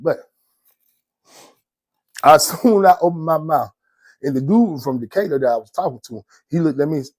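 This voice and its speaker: A man from Georgia with an Atlanta accent telling prison stories in a casual, slangy, animated way. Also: fairly high pitch, a little fast, long pauses, no room sound. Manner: animated, slangy, laughs often between lines. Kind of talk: casual storytelling.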